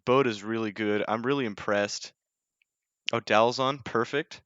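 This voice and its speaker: Man casting a game tournament, excitable, smooth close voice, dull lo-fi stream sound. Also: measured pace, no echo. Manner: excitable, voice jumps high on big plays. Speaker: tournament caster and stream host. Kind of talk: live esports commentary.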